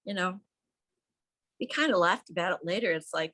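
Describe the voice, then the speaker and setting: A woman's voice: on the low side, moderate pace, long pauses. An older woman, a veteran's widow, telling stories emphatically in an interview and acting out the people she quotes. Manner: emphatic, animated, acts out quoted voices. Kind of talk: conversational storytelling. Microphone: remote audio call.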